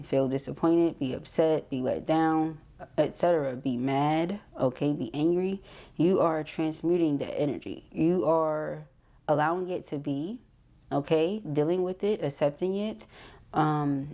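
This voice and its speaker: A woman giving a tarot card reading, reading card messages aloud and explaining them, ending many phrases with a quick "okay?". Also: low voice, dark tone. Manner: reads card messages aloud then interprets. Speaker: tarot reader.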